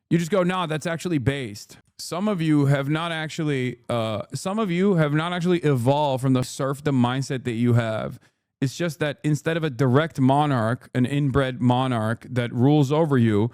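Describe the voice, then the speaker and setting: A man's voice: medium pitch, a little mellow, clear, resonant tone, dry recording, clean studio sound. A man hosting a commentary show, ranting profanely and sarcastically as he reacts to clips. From United States. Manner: profane, sarcastic, fast-building rants.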